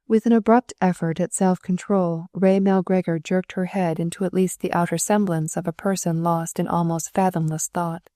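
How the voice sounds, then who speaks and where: In a fairly low-pitched voice, a woman reads an audiobook as storybook narration, measured and expressive. The recording is dry and studio quality.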